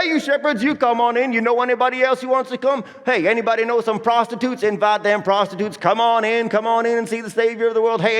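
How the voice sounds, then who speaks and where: A man's voice: high-pitched, fairly bright tone. An actor playing Joseph as a folksy, anxious young father, drawling with country grammar, in a church Christmas monologue. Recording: echoey church hall.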